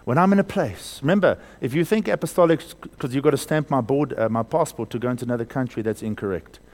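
A preacher with a mid-range voice delivers a sermon, alternating between loud, emphatic passages and quiet, slowed-down lines. He poses questions to the congregation and has them repeat words back.

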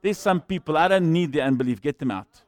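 A man voicing God speaking calmly and patiently to a listener, in a quiet, unhurried way. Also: a little high, dry recording, lightly acted.

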